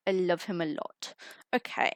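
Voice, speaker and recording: A woman's voice: fairly low pitch, fairly even intonation, moderate pace, dry recording. A young woman chatting casually on a live stream while opening trading cards, giggling and greeting viewers through a headset mic. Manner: chatty, giggly, talks to chat while unboxing. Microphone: headphones with mic.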